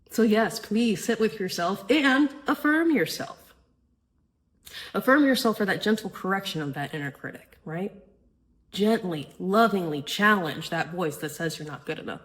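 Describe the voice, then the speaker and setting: Her pitch is medium and the audio is poor. This female host of a spiritual self-help podcast chats in a sincere, easygoing manner, peppering her talk with "right?" and the occasional swear.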